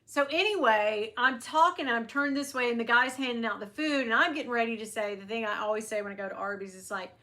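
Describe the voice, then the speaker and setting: Middle-aged woman, storytime vlogger, animated and chatty, higher pitch, bright tone. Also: quick pace, few pauses. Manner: animated, chatty, acts out quotes. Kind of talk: casual storytime, live chat.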